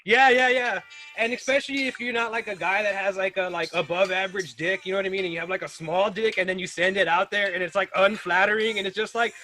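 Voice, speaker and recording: Guy with a really high bright voice, crude jokey podcast host, faint music behind. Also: fairly even intonation, fast. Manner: crude, joking, laughs often. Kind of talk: casual podcast chat.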